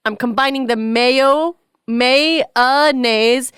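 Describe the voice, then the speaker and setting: A woman co-hosting a podcast in casual chat, playful and teasing with quick quips. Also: high voice, fairly bright tone, clean tone, no echo, studio quality. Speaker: podcast co-host.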